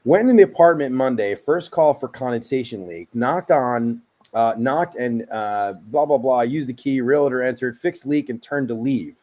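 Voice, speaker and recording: A man's voice: mid-range voice, expressive, normal speed, warm tone. A man hosting a podcast who reads listener stories aloud in an easygoing, casual way. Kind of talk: casual chat and reading aloud.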